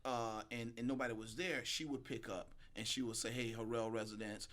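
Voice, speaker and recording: A man, hosting a podcast and telling a story in casual chat, animated and swearing freely while acting out dialogue. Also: medium pitch, brisk. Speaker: podcast host.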